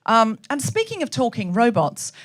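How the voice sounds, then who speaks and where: Woman comic host, live stand-up, very animated pitch, chatty and laughing, on a stage mic. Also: moderate pace, slight background noise. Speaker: comedy podcast host. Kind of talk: live stand-up comedy monologue. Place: comedy venue stage with a live audience.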